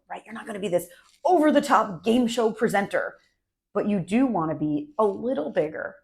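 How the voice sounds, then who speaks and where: A woman's voice: on the low side, gravelly. A married woman giving marketing and speaking tips straight to camera, upbeat and conversational in short punchy phrases. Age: adult, married. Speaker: marketing coach. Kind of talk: direct-to-camera tips video.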